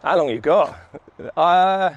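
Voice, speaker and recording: Man, 30s, slightly high voice, easygoing walk-and-talk vlogger, swears a lot, city street. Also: lively intonation, takes it slowly, no room sound, muffled recording. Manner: laid-back, swears freely, laughs often. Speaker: vlogger, sales coach. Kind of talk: casual walk-and-talk storytelling.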